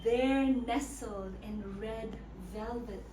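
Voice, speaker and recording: A woman's voice: a little high, slow, dark tone, recorded from a distance. A woman telling a story to a live audience in a playful way that draws them in. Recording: echoey room, voice from afar, noise.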